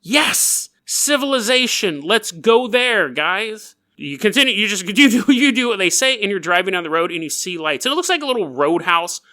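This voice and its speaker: A man's voice: high voice, big pitch swings, fast, hardly any pauses, pushed and bright. A man hosting a podcast, telling a strange story in a playful, jokey way, giggling through his lines and riffing on tangents. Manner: riffs and goes off on tangents. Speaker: podcast host. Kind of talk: comedic storytelling narration.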